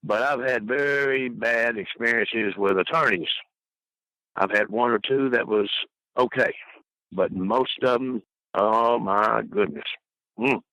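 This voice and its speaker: Older male guest, rambling storyteller who does high-voiced impressions of others, bright and dry. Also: takes it slowly, gravelly, no echo, poor audio. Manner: rambling anecdotes full of fillers; mimics people he quotes in high voices. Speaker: podcast guest. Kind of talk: storytelling interview.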